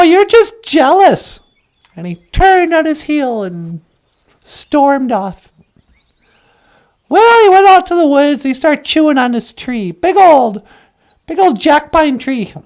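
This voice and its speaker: A woman tells a folk tale in a playful, chatty way. Her voice is high and swings widely, and she takes her time with each phrase. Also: darkish tone. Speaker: storyteller. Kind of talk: oral folk storytelling.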